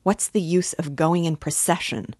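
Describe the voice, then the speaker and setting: A woman's voice: sits low, animated, moderate pace, darkish tone, no room sound, studio quality. Woman reading as a feverish, agitated young man. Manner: restless, incoherent, self-mocking. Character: agitated young male student, feverish, bitter.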